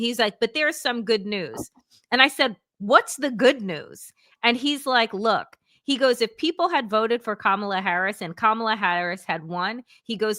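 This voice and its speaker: Bright, lively woman telling a story. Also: on the high side, no room sound, clean studio sound. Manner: lively, quotes others in voices, laughs often. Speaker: political analyst. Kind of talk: casual chat, animated storytelling.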